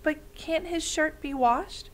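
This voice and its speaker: A woman voicing a puzzled, earnest young girl with a soft, questioning manner in a read-aloud story. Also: high voice, slow pace, pitched above the performer's own voice.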